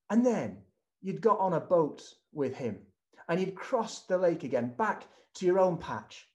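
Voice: medium pitch, a little mellow. A preacher giving a sermon as a vivid retelling that addresses the listeners directly.

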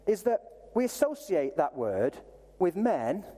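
A man preaching a sermon in a lively, conversational way, with self-deprecating asides. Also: sits high, measured pace. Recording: reverberant hall sound.

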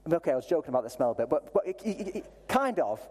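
A man preaching a sermon in a lively, conversational way, with self-deprecating asides. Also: a little high, very fast, breathy edge. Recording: reverberant hall sound.

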